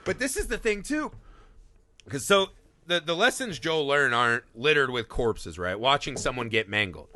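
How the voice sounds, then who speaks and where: A man in his thirties co-hosting a casual film podcast, animated and swearing freely as he acts out scenes. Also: medium pitch, moderate pace, no room sound. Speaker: podcast co-host.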